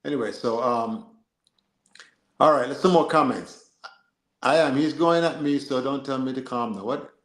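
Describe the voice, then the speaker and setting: A man co-hosting a football live stream, reading and answering chat in an animated, joking way. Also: mid-range voice, moderate pace, long pauses, roomy sound. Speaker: livestream co-host.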